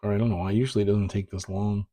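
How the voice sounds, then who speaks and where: A man's voice: fairly low pitch, level tone, racing, dark tone, dry recording. A man talking casually about prints as he opens packages, rambling and correcting himself with many fillers. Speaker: print collector vlogger. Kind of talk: casual package-opening chat.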